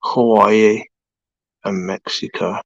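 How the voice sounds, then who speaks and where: A British man in his forties hosts a casual live stream from his home. He talks slowly, rambling with frequent fillers and restarts. His voice sits close and dry, with no room sound. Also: lowish voice, steady tone, gravelly, no echo, muffled recording. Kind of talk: casual chat with viewers.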